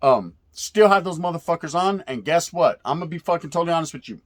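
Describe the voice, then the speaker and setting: A fast-talking California man in his forties, whose voice sits a touch above the typical male range, tells old street stories from his youth prison days. He's relaxed about it, sprinkling in Spanish, swearing freely, and leaning on "right?"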